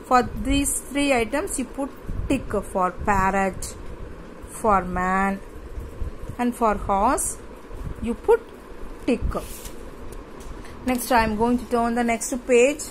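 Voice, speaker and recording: Slow-spelling woman teacher. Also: on the high side, slight background noise, rough recording. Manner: slow, repeats and spells out words letter by letter. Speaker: primary school teacher. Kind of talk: classroom lesson, explaining a workbook page.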